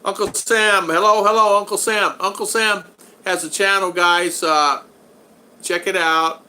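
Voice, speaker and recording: Here a man in his sixties, streaming casually from home in the Philippines, speaks in a high, steady, sharp-toned voice at a measured pace. Between loose chatter, he reads out viewers' comments and ribs his regulars with friendly teasing.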